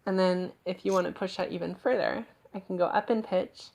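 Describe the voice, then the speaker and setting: A woman voice coach giving a clear, technical demonstration of vocal technique in a played-back clip. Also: lowish voice, steady tone, brisk, darkish tone. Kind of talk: instructional voice demo.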